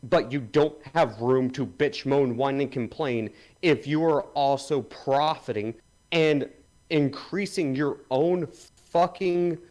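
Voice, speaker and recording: A man's voice: mid-range voice, slow pace, darkish tone, low-quality recording. A man co-hosting a livestream, delivering an angry, profane rant. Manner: angry, swearing, emphatic. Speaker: podcast co-host.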